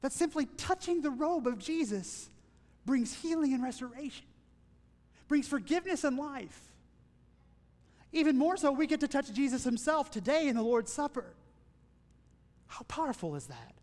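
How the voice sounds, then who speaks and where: High-voiced pastor preaching in a reverberant church. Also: male voice, animated, moderate pace, long pauses. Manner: earnest, builds to emphatic lists, then drops to hushed asides. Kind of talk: sermon.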